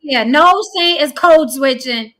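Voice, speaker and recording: A woman's voice: high-pitched, measured pace, very noisy. A woman hosting a casual chat, teasing her co-hosts playfully. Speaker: podcast host.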